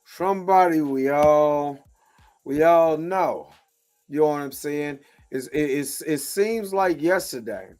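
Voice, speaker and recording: Guy hosting his own show, rambly and repetitive, slightly high voice. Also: slow pace, faint music behind. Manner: loose, repetitive, lots of filler phrases; animated, jumping between soft and loud. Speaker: show host. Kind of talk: casual video commentary.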